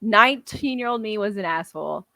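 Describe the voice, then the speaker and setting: A young woman co-hosting a podcast, telling a party story in a rambling way, full of "like" and quick laughs. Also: mid-range voice, animated, gravelly, pushed and bright. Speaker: podcast co-host. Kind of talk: casual chat.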